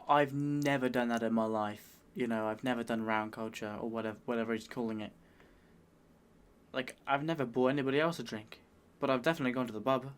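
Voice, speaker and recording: A man's voice: mid-range voice, steady tone, fast talker, clear, resonant tone. A British man in a medium register comments on a clip. He talks casually and rambles, sounding bemused. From United Kingdom. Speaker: reaction video host.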